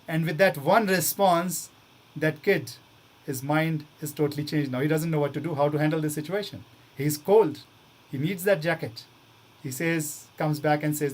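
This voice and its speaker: A man with a fairly high voice gives a motivational talk to a room of students. His delivery is earnest and coaxing. He keeps throwing the same questions back at his audience. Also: moderate pace. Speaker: motivational speaker.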